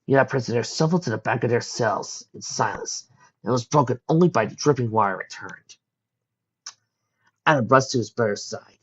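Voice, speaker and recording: Husky man reading fan fiction aloud. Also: mid-range voice, fairly quick. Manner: plain reading with some slips. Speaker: audiobook reader. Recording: dull lo-fi recording.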